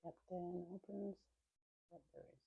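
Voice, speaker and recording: A woman's voice: on the low side, steady tone, measured pace, gravelly, husky, narrow, tinny audio. A woman streaming her futures trading live, thinking aloud in slangy, self-talking commentary. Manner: thinks aloud, talks to herself, slangy quips.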